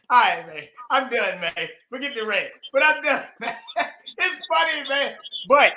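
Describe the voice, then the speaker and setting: High, bright-voiced ranting host. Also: male voice, expressive, unhurried, pauses often. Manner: profane, laughing rants. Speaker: show host. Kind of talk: casual reaction talk.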